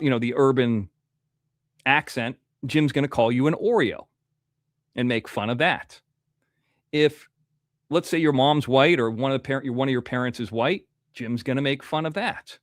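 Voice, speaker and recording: A man's voice: medium pitch, moderate pace, no echo, clean studio sound. Rambling man hosting a livestream. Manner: rambling, reads out viewer donations. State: toothache. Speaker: livestream host. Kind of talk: casual livestream chat.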